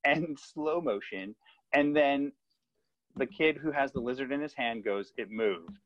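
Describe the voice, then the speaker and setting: A man's voice: mid-range voice, unhurried. A man, a podcast co-host, telling a story in casual chat and acting out the voices of the people in it. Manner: animated, acts out kids' voices while telling a story. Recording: dry, slightly dull sound.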